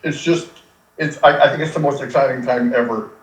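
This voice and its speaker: An older man who is a radio personality, telling stories in an animated, emotional, earnest way during an interview. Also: medium pitch, a little fast. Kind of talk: conversational interview, storytelling. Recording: echoey room, distant from mic.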